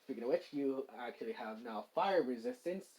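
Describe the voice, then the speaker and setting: A fan storyteller voicing a calm, all-knowing inner guide voice, explaining things in a matter-of-fact way with an everyday voice. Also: medium pitch, fairly quick, slightly rough, voice pushed down.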